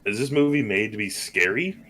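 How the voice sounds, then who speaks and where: A man's voice: lowish voice, lively intonation, fairly quick, pushed and bright. A man co-hosting a movie podcast, chatting casually and rambling with lots of fillers and tag questions. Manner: laid-back, rambling, lots of "like" and "right?". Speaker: podcast co-host. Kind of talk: casual chat.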